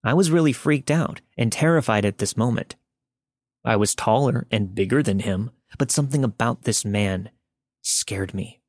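Man, narrator, scripted true-story reading, steady delivery, mid-pitched voice, dry close mic. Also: moderate pace, no echo. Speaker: podcast narrator.

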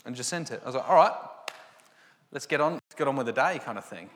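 A man shares a personal faith testimony, telling his story and acting out the dialogue as he goes. His voice sits at an ordinary middle pitch. It rings out with the long reverb of a large hall. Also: lively intonation, fast talker, fairly bright tone, a little hiss or hum. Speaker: Christian speaker sharing testimony.

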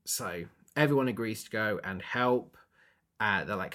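A man chatting casually as a podcast co-host, recapping a stage musical and acting out characters' lines in quick bursts. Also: fairly low pitch. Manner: animated, acts out characters' lines in brief bursts.

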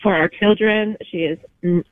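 A woman's voice: medium pitch, steady tone, moderate pace, no room sound. A woman phoning into a radio show, a parent speaking indignantly and pressing her point. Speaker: caller. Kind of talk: phone-in call. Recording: dull lo-fi phone line.

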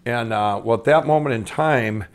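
A man's voice: medium pitch, normal speed, smooth. A man, an inventor and company founder, telling his life story in a casual, rambling, eager way, acting out the dialogue he quotes. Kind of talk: casual first-person storytelling.

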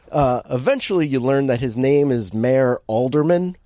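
A man's voice: medium pitch, normal speed, no echo, clean studio sound. A man co-hosting a podcast, recapping a bad movie in casual chat, laughing often as he tells it. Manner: animated storytelling, laughing often, many restarts. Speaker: podcast co-host.

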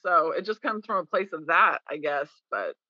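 A woman's voice: on the low side, moderate pace, no echo, lo-fi sound. A woman guest in a podcast interview, telling candid stories and acting out quoted people. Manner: candid, animated storytelling with quoted voices.

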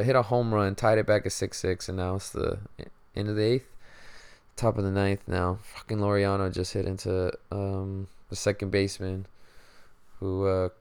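A man's voice: deep voice, a little mellow, clear, resonant tone, no echo. A young man hosting a podcast, talking casually and ranting about sports, swearing constantly and calling people "man". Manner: profane, frustrated rambling with frequent "man". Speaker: podcast host.

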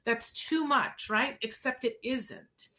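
A woman's voice: on the high side, slow pace, pushed and bright. A woman hosting a live stream, answering viewer questions with direct, emphatic coaching and rhetorical questions, sometimes acting out little scenes with a child.

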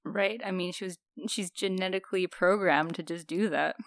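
A woman's voice: lowish voice, steady tone, moderate pace, no room sound. A woman co-hosting a casual podcast, answering with dry, wry comebacks. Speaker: podcast co-host.

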